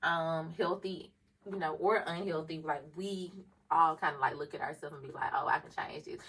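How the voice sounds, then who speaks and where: A woman's voice: sits low, fairly even intonation, normal speed, a bit bright, breathy edge, recorded from a distance, rough recording. A woman co-hosting a casual podcast chat, talking reflectively about herself and laughing often. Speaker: podcast co-host.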